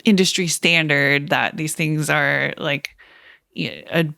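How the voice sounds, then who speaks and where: A woman's voice: low-pitched, vocal fry, pushed and bright, clear, resonant tone, dry recording, studio quality. A woman co-hosting a tech podcast in casual chat, hedging with many fillers. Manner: hedging, slow, full of fillers. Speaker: podcast co-host.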